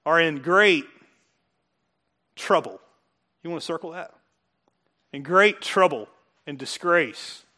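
A man preaching a sermon, animated and joking, building to excited emphasis. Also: high voice. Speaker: pastor.

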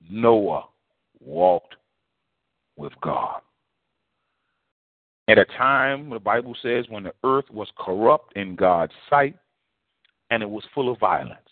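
Male preacher, lively storytelling sermon, very animated pitch, thin phone-like dry sound. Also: dry recording. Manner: animated, folksy, quotes others in lively voices. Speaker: preacher addressed as apostle.

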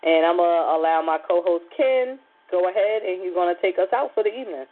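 A woman's voice: lowish voice, brisk. Woman radio host, casual and rambling, lots of fillers, heard over a phone-like line. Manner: rambling, personal storytelling with many fillers. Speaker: radio talk show host. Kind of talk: casual chat.

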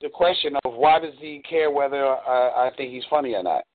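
A man's voice: mid-range voice, fairly quick. A man in a coaching call, explaining earnestly and drawing on examples. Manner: earnest, explanatory, uses y'all. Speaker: dating coach. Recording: tinny phone line.

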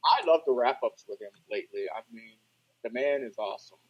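A man co-hosting a casual podcast, playful, swinging between loud and soft delivery. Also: mid-range voice, brisk. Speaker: podcast co-host. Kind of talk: casual chat. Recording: dull lo-fi sound.

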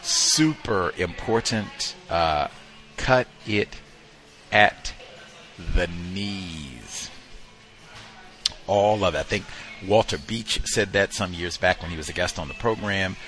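Man, talk host, deep low voice, emphatic storytelling, faint music underneath. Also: a bit bright. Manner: conversational, emphatic, drawn-out pauses. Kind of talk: storytelling commentary.

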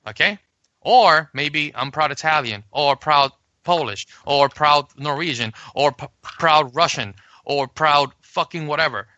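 A man co-hosting a podcast in casual chat, animated and swearing, acting out arguments he has had. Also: on the high side, measured pace, dry recording, highs cut off. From Puerto Rico. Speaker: podcast co-host.

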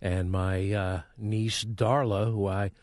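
A man co-hosting a radio talk show in a studio, chatting and giving shout-outs. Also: fairly low pitch, level tone, slow pace, dry recording. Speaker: radio co-host. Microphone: studio mic.

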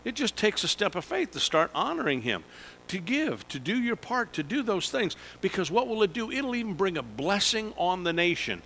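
A man, a pastor preaching a sermon in a slow, emphatic way with sudden lifts in pitch. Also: big pitch swings, sharp tone, slight background noise, rough recording.

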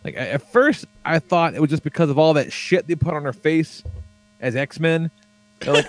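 A man's voice: fairly high pitch, animated, moderate pace. A man chatting casually on a podcast, swearing freely and rambling with lots of fillers as he tells stories. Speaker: podcast co-host.

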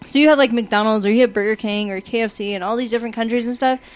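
A woman with a fairly high voice chats casually on a podcast. She talks on and on, padding her sentences with filler words. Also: fast talker. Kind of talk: casual chat.

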